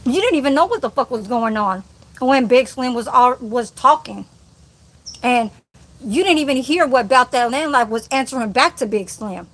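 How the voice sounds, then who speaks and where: Cursing and combative, a woman calls someone out directly during an angry live-stream rant. Her voice is a little high and a bit bright, with lively intonation at normal speed.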